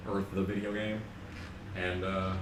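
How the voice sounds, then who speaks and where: A man's voice: sits low, flat delivery, measured pace. A young man streaming a racing game, ranting and joking with sarcastic, profane asides. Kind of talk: casual gaming commentary. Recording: echoey room, distant mic, faint noise.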